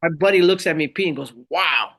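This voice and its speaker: Middle-aged male veteran guest with a gravelly edge, lively and conversational. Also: a little high, racing. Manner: animated storyteller who acts out the voices of others. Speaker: guest, motivational speaker and Marine veteran. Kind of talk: conversational interview storytelling.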